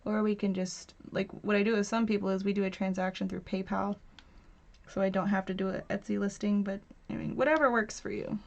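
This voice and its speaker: A woman's voice: medium pitch, steady tone, brisk, vocal fry. A woman in her thirties hosting a casual craft livestream from home, chatting and laughing with viewers and reading their comments aloud. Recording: dull lo-fi stream audio.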